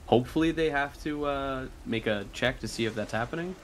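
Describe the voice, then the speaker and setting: A man playing a tabletop game, chatting casually with plenty of fillers and quick asides. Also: medium pitch, a little hiss or hum. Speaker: player.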